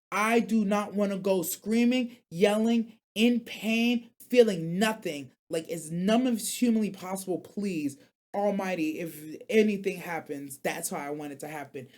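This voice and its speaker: A man's voice: sits high, a little mellow. Slangy rambling male stream host. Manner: rambling, slangy, reads chat aloud and reacts. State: recovering from being sick. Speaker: radio show host. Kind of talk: casual live-stream chat.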